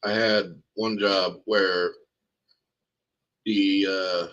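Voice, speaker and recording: A man's voice: sits low, extremely slow, highs cut off. A man co-hosting a casual chat, telling a workplace story with plenty of swearing. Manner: animated, profane storytelling. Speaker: podcast co-host.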